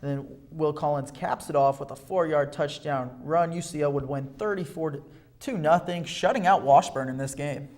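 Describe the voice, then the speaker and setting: A young man calls college football highlights on a sports show, his voice sitting a bit high. He talks with energy and trips over words, fixing them as he goes. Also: moderate pace. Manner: energetic, with fillers and self-corrections. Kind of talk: highlight play-by-play commentary.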